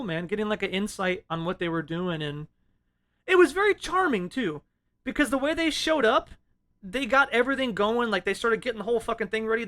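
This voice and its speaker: A man's voice: high-pitched, fairly bright tone. A man chatting casually about a film on a podcast, laid-back and profane, often laughing. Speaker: podcast co-host.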